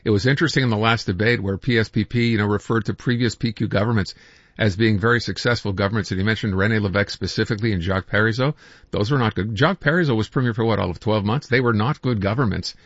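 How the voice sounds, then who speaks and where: A man hosting a call-in radio show, brisk and conversational as he moves between callers. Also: lowish voice, a bit bright, no echo, dull audio. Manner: brisk, conversational, takes calls quickly.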